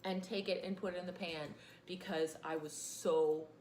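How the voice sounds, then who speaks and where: A woman's voice: fairly low pitch, steady tone, moderate pace, a little mellow, roomy sound, slight background noise. A woman, teaching a casual class and rambling into chatty asides.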